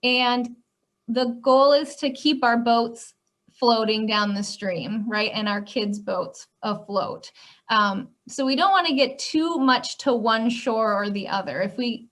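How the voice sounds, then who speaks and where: Gentle Minnesota woman counselor, somewhat high voice, explanatory with check-in tags. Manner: gentle, explanatory, frequent 'um' and 'right?'. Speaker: elementary school counselor. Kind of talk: parenting presentation.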